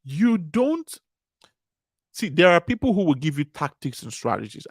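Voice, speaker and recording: A man's voice: a little high, sing-song, normal speed, breathy edge, no echo, clean studio sound. A man giving a motivational conference talk, repeating key phrases with emphatic, preaching cadence. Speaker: conference speaker.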